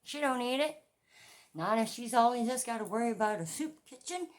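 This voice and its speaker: A woman's voice: fairly high pitch, expressive, a little fast. A middle-aged woman giving a ranting commentary vlog, swearing often and repeating her points with emphasis. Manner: profane, repetitive and emphatic. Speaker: true-crime commentary vlogger.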